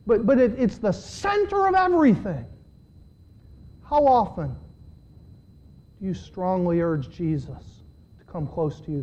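A man preaching a sermon to his church, swinging between loud, pleading passages and quiet asides. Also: sits high. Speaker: pastor. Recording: dull lo-fi sermon recording.

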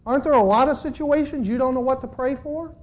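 A male pastor preaching a sermon. He speaks conversationally, questions the congregation directly, and swings between quiet and loud. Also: extremely high pitch, fast, muffled recording. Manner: dramatic, with big swings in loudness.

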